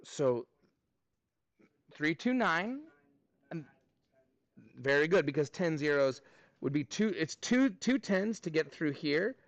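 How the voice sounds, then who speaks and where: A man teaching a math class, upbeat, counting steps aloud and thinking out loud as he works problems with students. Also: fairly high pitch, big pitch swings, slow, long pauses, no room sound, lo-fi sound. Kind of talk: live class review lesson.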